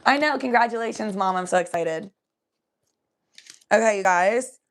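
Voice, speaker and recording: A young woman hosting a casual livestream, chatting to viewers in a loose, giggly, profane way while high. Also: normal speed. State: high from smoking weed. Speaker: livestream host. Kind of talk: casual chat reading viewer comments.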